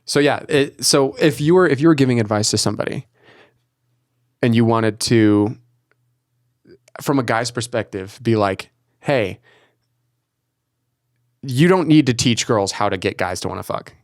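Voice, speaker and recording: A man's voice: medium pitch, normal speed, no echo, clean studio sound. A young man co-hosting a podcast in casual chat, telling crude stories between laughs. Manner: crude, laughing, animated storytelling. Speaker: podcast co-host.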